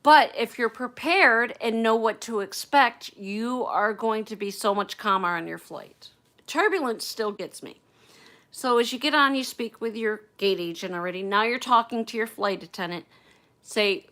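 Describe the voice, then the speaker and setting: A woman's voice: on the high side, normal speed, sharp tone. A woman chatting candidly on a casual livestream from her phone at home, swearing freely as she talks. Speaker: livestream host.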